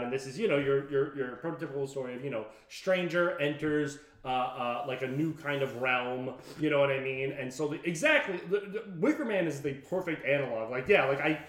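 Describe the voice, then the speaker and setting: A man hosting a podcast, talking casually about films with many quick interjections. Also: medium pitch. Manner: animated, quick agreeing interjections. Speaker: podcast host. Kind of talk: casual film discussion. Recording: roomy echo.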